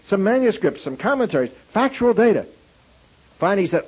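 A man preaching, telling a story animatedly and acting out the dialogue in a husky voice. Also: high voice, big pitch swings, fast, a little mellow. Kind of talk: sermon storytelling. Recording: dull lo-fi recording.

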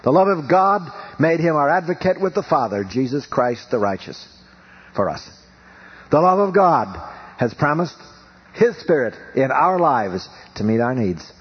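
Husky preacher on an old broadcast. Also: male voice. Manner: emphatic, rhythmic preaching with wide swings in pitch and volume. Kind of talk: sermon. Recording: dull lo-fi radio broadcast.

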